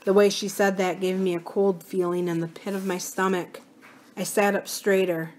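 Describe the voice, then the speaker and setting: A woman reading a novel aloud for a library series, expressive and slowing for the sad passages. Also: medium pitch. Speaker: library story reader. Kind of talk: storybook read-aloud.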